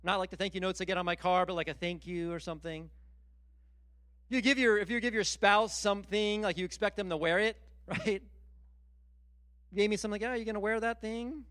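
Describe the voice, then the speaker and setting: High-voiced man preaching a sermon. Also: a little fast, no room sound. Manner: animated, repetitive emphasis with stammered restarts. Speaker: pastor.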